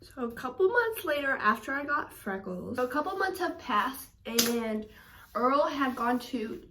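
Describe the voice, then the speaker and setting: A woman's voice: high-pitched, very animated, unhurried, background noise. A young woman vlogging, telling a story in a chatty, gushing way full of "like" and "um". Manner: chatty and gushing, many "like" and "um" fillers. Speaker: reptile vlogger. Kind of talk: casual storytelling to camera. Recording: echoey room, voice a bit far from the mic.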